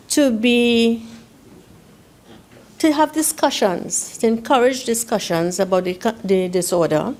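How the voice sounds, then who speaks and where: A woman's voice: medium pitch, a little mellow. A woman speaking in parliament, telling a story and acting out the dialogue in it. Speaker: member of parliament. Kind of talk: parliamentary speech. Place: parliament chamber.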